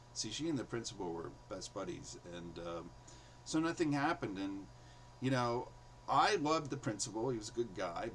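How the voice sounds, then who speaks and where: Male host in his forties; low, conversational, anecdotal delivery with frequent fillers; faint background noise. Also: fairly bright tone, poor audio. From New York City. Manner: chatty, many fillers, acts out quotes in raised voice. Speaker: host and storyteller. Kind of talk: casual spoken storytelling.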